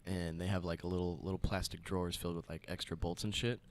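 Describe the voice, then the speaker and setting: A man's voice: low-pitched, little pitch movement, quick pace. Laid-back young man telling stories. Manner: laid-back, laughs often, swears, acts out others. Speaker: podcast co-host. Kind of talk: casual chat, storytelling.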